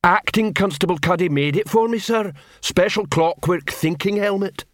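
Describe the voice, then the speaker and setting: A man's voice: high-pitched, moderate pace, dry recording, studio quality, voice pushed up, close to an everyday voice. A man voicing a big, dim, loyal male troll soldier who barks orders in a storybook reading. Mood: bellowing. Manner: barking drill orders.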